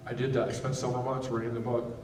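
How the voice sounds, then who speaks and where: A man delivers a keynote testimony in a banquet hall, speaking earnestly and haltingly, often restarting his sentences. His voice sits on the mellow side and carries a roomy hall echo. He stands a little away from the microphone, with a faint rumble underneath. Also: completely flat delivery, recorded from a distance. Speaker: nonprofit founder giving a keynote. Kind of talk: personal testimony speech.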